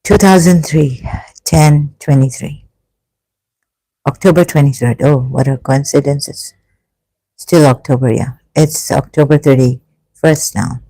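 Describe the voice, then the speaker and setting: A vlogger talking through an emotional personal monologue, halting and sighing, with frequent restarts, stopping to read passages aloud. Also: mid-range voice, fairly even intonation, dark tone, dry recording, low-quality recording. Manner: reads passages aloud between remarks.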